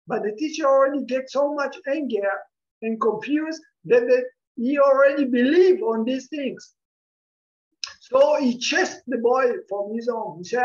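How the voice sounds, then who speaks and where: A woman's voice: a little slow, a little mellow. A woman giving a Dhamma talk in non-native English, telling a story and acting out the characters' lines. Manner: non-native English, acts out quoted characters with rising pitch. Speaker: Dhamma teacher. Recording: dull lo-fi sound.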